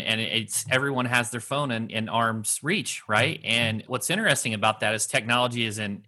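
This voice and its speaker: A man's voice: mid-range voice, pushed and bright. A man hosting a podcast, conversational and agreeable with his guest. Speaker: podcast host. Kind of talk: podcast interviewing.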